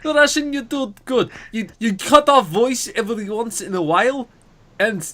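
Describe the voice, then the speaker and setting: Man doing a mock Russian tough guy, broken English, high voice, words dragged out. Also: big pitch swings, racing, crowd noise. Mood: mock-offended. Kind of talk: comic parody accent.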